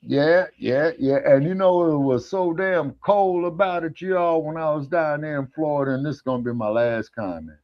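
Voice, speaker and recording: A man's voice: fairly high pitch, moderate pace, few pauses, no echo. A man chatting casually as a co-host and spinning folksy road-trip yarns. He swears freely and voices the other people in his stories. The recording is lo-fi and muffled, with a dry, close sound. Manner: folksy storyteller, swears freely, acts out dialogue. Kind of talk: casual chat on an online talk show. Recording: dull, dry lo-fi audio.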